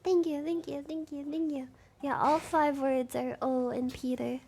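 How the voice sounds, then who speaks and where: A sleep-deprived woman streaming a game live, giggly and excitable, chatting and thanking viewers. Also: high voice, normal speed, slight background noise. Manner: giggly, excitable, switches into silly voices.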